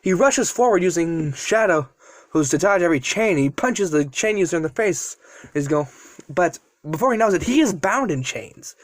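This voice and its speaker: A man's voice: high voice, animated, normal speed, dry recording. A man casually telling a fan-made story, rambling and often correcting himself. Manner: rambling, frequent self-corrections.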